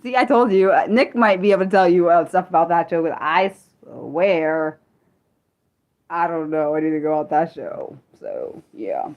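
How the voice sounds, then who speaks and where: A young woman from the United States talks to her livestream viewers in loose, unscripted chat. Her voice swings widely in pitch as she bursts into disbelief and then trips over her own restarts. She sounds animated and excitable throughout. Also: normal speed, lo-fi sound. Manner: excitable, incredulous outbursts, stumbling restarts. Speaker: livestream host. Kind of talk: casual livestream chat reading viewer comments.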